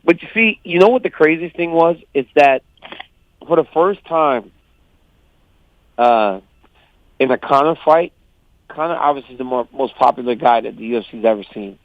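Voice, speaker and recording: A man calling in as a guest fighter, telling stories animatedly and quoting others in lively voices. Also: mid-range voice, moderate pace, pauses often, no echo. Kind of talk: casual phone interview. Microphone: phone call. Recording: dull lo-fi phone line.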